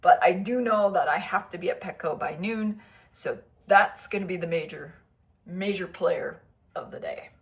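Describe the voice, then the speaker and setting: Chatty husky Midwestern-raised woman vlogger. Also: lowish voice, moderate pace. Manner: chatty, rambling, easygoing. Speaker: travel vlogger. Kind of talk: casual vlog chat.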